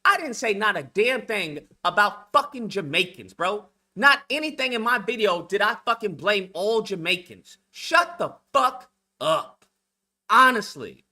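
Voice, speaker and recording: Heated, animated man ranting. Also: high-pitched, unhurried. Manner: profane, confrontational, heated. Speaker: YouTube commentator. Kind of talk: ranting vlog monologue.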